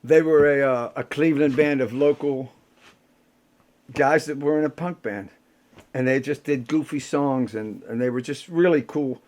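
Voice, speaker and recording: An older man, a rock musician bantering with the audience between songs and telling stories in a salty, rough-edged way. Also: medium pitch, moderate pace, a little mellow. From Pittsburgh. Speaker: rock musician performing a solo show.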